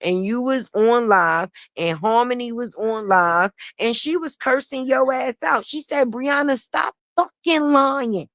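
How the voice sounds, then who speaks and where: A woman with a somewhat high voice, talking bluntly and sassily through a livestream commentary, swearing freely and laughing a lot. The sound is close and dry, with no room echo. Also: expressive, measured pace, hardly any pauses, a bit bright. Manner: blunt, sassy and profane, with frequent laughter. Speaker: online commentator. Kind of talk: casual gossip commentary on a livestream.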